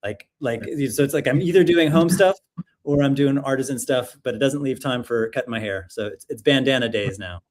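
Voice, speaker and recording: A man in his thirties with a brisk, medium-pitched voice hosts a casual online showcase over a video call. He talks in an upbeat, rambling way with plenty of fillers.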